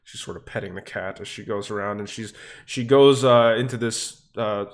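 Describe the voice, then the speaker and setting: A man narrating as game master for a tabletop game, relaxed and full of fillers. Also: on the low side, normal speed.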